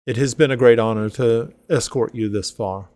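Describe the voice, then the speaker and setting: A man voicing a courteous male elven commander who speaks in formal, measured sentences. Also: mid-range voice, darkish tone, no room sound, lightly acted.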